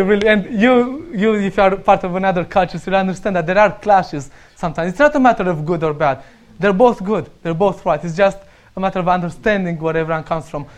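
Young Romanian-accented man, high-pitched, easygoing storyteller who laughs a lot. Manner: laughs often while telling anecdotes. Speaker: speaker sharing stories. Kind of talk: casual storytelling.

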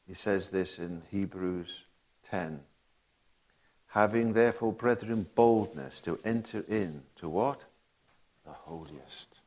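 A man preaching a sermon, emphatic and full of rhetorical questions to the congregation, reading scripture aloud as he goes. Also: low-pitched. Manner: reads and quotes scripture aloud.

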